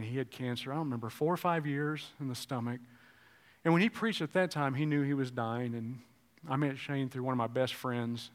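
A pastor preaching a sermon, swinging between loud exclamations and hushed, tender passages. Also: male voice, medium pitch. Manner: swings from shouting to hushed tones.

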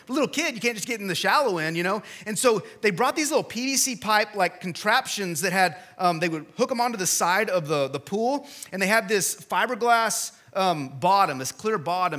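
A man in his thirties preaches with a high, bright voice. His delivery is casual and chatty, swinging from energetic emphasis to quiet, intimate asides. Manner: conversational, swings from loud to hushed. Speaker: pastor. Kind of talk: sermon.

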